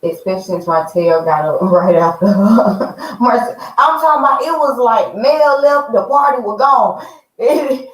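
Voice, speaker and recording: A woman chatting in an animated way as she reviews a reality show, calling her viewers "y'all" and "honey.". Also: fairly high pitch, unhurried. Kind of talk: casual chat. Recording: roomy, mic at a distance.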